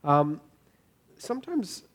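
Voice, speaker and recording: A man's voice: a little high, big pitch swings, takes it slowly, a bit bright. Earnest man preaching a casual sermon. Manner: earnest, informal, repeats words as he goes. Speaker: pastor. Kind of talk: conversational sermon.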